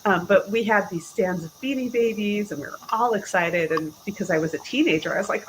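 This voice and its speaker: A woman in her forties from the Chicago area, a podcast guest telling stories about her life in a lively, chatty way. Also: mid-range voice, brisk, hardly any pauses, a little hiss or hum, rough recording. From Chicago area, USA. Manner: lively storyteller who acts out quoted dialogue. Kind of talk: casual interview chat.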